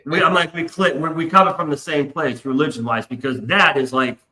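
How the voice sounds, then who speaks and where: A man's voice: on the high side, brisk, bright, forceful tone, roomy sound, rough recording. A man hosting a casual live stream, telling a long rambling story and swearing freely. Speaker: stream host. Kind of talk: casual chat.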